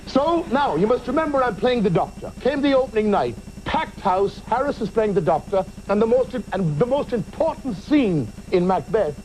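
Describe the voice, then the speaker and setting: Lively high-voiced older Irish man telling a tale. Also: a little hiss or hum. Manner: lively, theatrical, quick to act out voices. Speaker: talk show guest, actor. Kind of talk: animated storytelling. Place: television studio.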